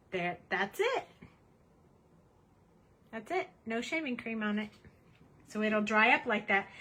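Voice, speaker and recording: Woman, craft tutorial host, cheerful and chatty, bright tone, faint background noise. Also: mid-range voice, rough recording. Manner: chatty and cheerful, narrating her steps. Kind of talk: casual craft demonstration. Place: home craft desk.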